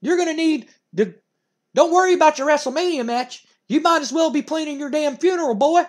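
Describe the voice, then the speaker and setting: A high, shrill wrestling manager spits threats in a furious rant, as a man puts him on. The voice sits well above a normal speaking pitch and pushes hard and loud. It sounds like a promo cut for a wrestling show. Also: fairly quick. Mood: furious threatening.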